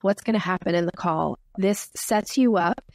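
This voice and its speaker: A woman's voice: on the low side, normal speed, darkish tone, no echo, studio quality. A woman sales expert, a podcast guest, explaining her method with acted-out example dialogues. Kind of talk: podcast interview.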